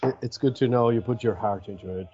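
A man's voice: mid-range voice, fast, dark tone, breathy edge. A man co-hosting a podcast in casual chat, explaining things in a talkative way. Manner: explanatory, chatty. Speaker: podcast co-host. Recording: dull lo-fi podcast audio.

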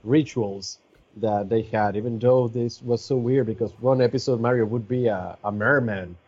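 Dude chatting and explaining stuff on a podcast, mid pitch, muffled lo-fi audio. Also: male voice, moderate pace, a little mellow. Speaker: podcast co-host. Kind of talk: casual chat.

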